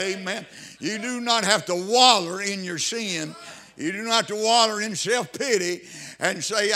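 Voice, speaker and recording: A man's voice: high voice, unhurried, pushed and bright. A man preaching a fervent sermon, repeating phrases and calling out hallelujahs.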